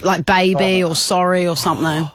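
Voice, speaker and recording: A woman's voice: lowish voice, steady tone, moderate pace. A woman co-hosting a radio show, bossy and playful, laughing often as she runs phone-in games. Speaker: radio co-host. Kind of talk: breakfast-radio banter.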